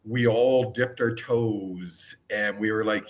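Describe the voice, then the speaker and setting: A man hosting an interview, reflecting in a relaxed, conversational way with frequent pauses on "um" before asking his guest a question. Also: fairly low pitch. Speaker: host. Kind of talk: casual interview chat.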